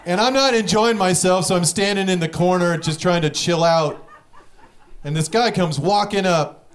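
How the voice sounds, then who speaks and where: Young guy doing stand-up, kinda high voice, swears a ton, fast stories, crowd laughing. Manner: profane, rapid storytelling with act-outs. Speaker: stand-up comedian. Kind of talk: stand-up comedy set. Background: audience laughter.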